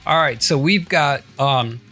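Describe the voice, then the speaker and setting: A man with a mid-pitched, bright voice co-hosts a podcast in a relaxed, easygoing way, with frequent fillers. Faint music plays behind him. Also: a little slow. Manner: easygoing, laughs along, fillers. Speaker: podcast co-host. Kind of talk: casual podcast chat.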